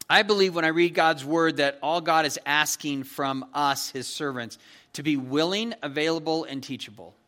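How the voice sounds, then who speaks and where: A man's voice: medium pitch, a bit bright. A man preaching an expository sermon in a conversational, emphatic way, often checking in with his listeners. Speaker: pastor.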